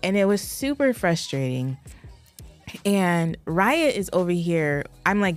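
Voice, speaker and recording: Lively storytelling woman podcast host. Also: lowish voice, slow pace, soft background music. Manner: animated storytelling, laughs often. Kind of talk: casual chat.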